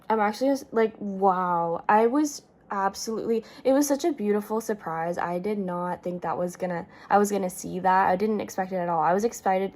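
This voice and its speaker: A young woman chatting casually to camera as a vlogger, excitable and gushing, full of "like". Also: mid-range voice, fairly quick, hardly any pauses.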